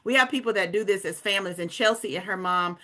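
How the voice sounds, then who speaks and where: Bright-voiced hyped woman recruiter. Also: mid-range voice, fast. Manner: hyped, addresses listeners as guys. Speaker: team leader hosting a recruitment call. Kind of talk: upbeat sales pitch.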